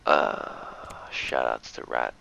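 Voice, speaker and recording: Jokey aussie guy commentating a stream, kinda gravelly, muffled lo-fi mic with a bit of hiss. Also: very deep voice, slow. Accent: Australian. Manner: chatty, jokey, gives shoutouts. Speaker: esports commentator. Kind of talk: casual live-stream commentary. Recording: dull lo-fi stream audio, faint noise.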